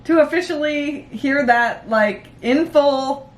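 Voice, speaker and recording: A young woman filming an unboxing vlog, gushing and squealing with excitement, rambling with fillers. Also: high voice, takes it slowly. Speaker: vlogger.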